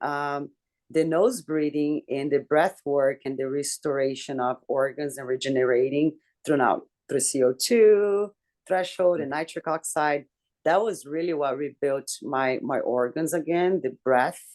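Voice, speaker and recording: A woman's voice: low voice, darkish tone. Candid woman telling a personal story. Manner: emotional, candid storytelling with casual swearing; talks in halting restarts and fillers. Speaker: book club member.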